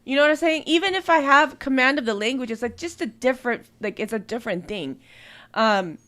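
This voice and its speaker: A woman's voice: sits high, a little fast, fairly bright tone. A woman hosting a music review livestream, chatting loosely with frequent fillers. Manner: chatty, many fillers and restarts. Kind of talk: casual livestream chat.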